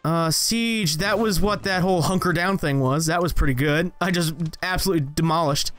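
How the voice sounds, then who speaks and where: A young man giving casual, rambling gameplay commentary, joking at himself and jumping into high excited yelps as he plays. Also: brisk, faint music behind. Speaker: gaming channel host.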